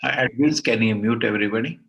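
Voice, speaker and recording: A man's voice: fairly low pitch, quick pace, fairly bright tone. A man teaching a devotional scripture class, speaking emphatically and repeating phrases for stress over an online call. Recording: roomy echo.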